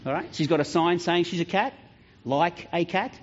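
A man's voice: a little high, moderate pace, a little hiss or hum. A man giving a playful, joking children's talk in church, quizzing the kids as he goes. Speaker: children's pastor. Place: church hall. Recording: dull lo-fi church sound.

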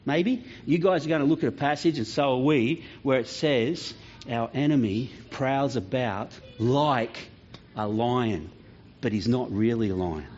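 A children's pastor in a church hall gives a playful, joking talk to the kids, quizzing them along the way. His voice sits in the mid range, a little slow and slightly mellow. The recording has a dull, lo-fi church sound.

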